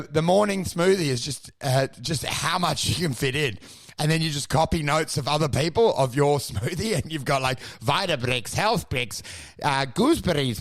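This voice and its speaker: Young Aussie comic co-host, high gravelly voice, manic riffing, dry close sound. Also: male voice, a bit bright, no room sound. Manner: manic, jumps into silly voices, swears freely. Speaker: podcast co-host. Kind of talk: rambling comedic chat.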